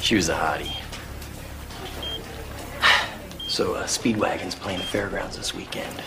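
An actor playing a gruff, laid-back middle-aged lawman in a film scene. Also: sits low, takes it slowly, full character voice. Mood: casual. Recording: echoey film audio with music.

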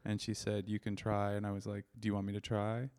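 Casting note: low gravelly male comic, laid-back, meandering and full of "like". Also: completely flat delivery, fairly quick, darkish tone. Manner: laid-back, lots of "like" and restarts. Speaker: comedian, podcast co-host. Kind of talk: casual chat.

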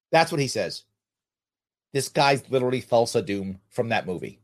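A man's voice: mid-range voice, expressive, normal speed. A man hosting a podcast, delivering mocking, sarcastic political commentary. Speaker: podcast host.

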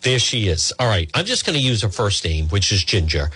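Guy hosting a live show, bright husky voice, bounces around in pitch, dry sound. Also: big pitch swings, brisk. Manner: earnest, repeats and restarts phrases. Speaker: host. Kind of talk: livestream talk show hosting.

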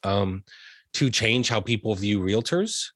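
Earnest young man, low dry voice. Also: expressive, measured pace, fairly bright tone, no echo. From USA. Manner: earnest, gets emotional. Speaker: podcast guest, realtor. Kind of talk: heartfelt interview conversation.

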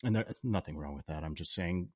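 A man co-hosting a podcast, chatting about a film in an excitable way and swearing freely. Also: deep voice, brisk. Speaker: podcast co-host. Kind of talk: casual film chat.

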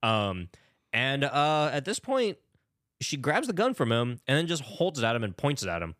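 A man casually recapping a film on a podcast, animated and exasperated, swearing freely and acting out the characters' lines. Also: medium pitch, moderate pace, no room sound, clean studio sound. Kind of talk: casual profane movie recap chat.

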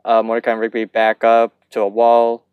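A young man with a smooth, clean voice, recorded close and dry. He co-hosts a podcast in easygoing casual chat, often restarting his sentences and filling with "like.". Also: medium pitch, completely flat delivery, dry recording, phone-quality sound. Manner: easygoing, halting talk with restarts and "like". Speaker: podcast co-host. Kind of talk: casual episode recap chat.

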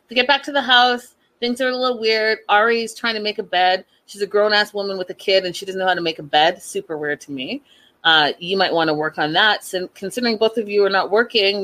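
A woman's voice: medium pitch, rough recording. Sassy woman recapping reality TV. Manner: sassy, animated, emphatic repetitions. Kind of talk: casual opinionated commentary.

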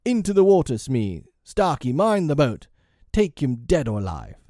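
Man doing a gruff pirate captain. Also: mid-range voice, huge pitch swings, a little slow, mellow, no echo, clean studio sound, heavily acted. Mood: commanding. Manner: gruff, commanding. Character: menacing pirate captain, proud and rattled.

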